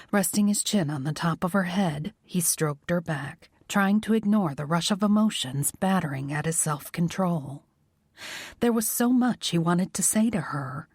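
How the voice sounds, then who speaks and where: Audiobook narrator, woman, low-set voice, soft measured read, dry booth. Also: slightly rough, no echo. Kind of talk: scripted narration.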